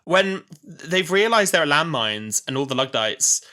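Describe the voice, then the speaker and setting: Bright, lively twenty-something podcast host. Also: medium pitch. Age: 20s. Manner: chatty, many fillers and quick asides. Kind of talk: casual chat.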